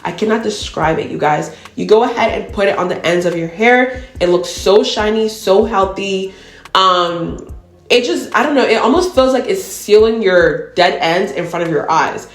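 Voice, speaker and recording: A woman's voice: mid-range voice, moderate pace. Chatty woman vlogger in an echoey room. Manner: chatty, addresses viewers as y'all. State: tearful, emotional. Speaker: beauty vlogger. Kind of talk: casual chat to camera.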